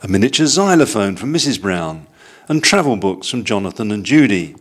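A man reading a children's storybook aloud, calm and measured. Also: on the low side, slightly rough.

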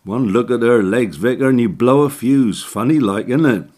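A man's voice: mid-range voice, normal speed, a little mellow, voice pushed up, lightly acted. A man voicing a grinning, simple-minded male church helper who teases and chortles. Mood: teasing. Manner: chortling, teasing.

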